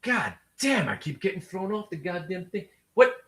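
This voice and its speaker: A man's voice: sits high, very animated, normal speed, hardly any pauses, fairly bright tone, slightly rough. A middle-aged man with a Brooklyn accent hosting a live day-trading stream, brash, profane and full of joking asides. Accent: Brooklyn New York. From Brooklyn, New York. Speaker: day-trading show host.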